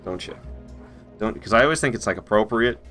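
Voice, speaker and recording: A man's voice: lowish voice, lively intonation, a little fast, fairly bright tone, soft background music. A man streaming a video game, chatting casually with his viewers, swearing often and sounding amazed at his own old run. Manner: incredulous, swears freely, talks to chat. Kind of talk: casual live-stream commentary.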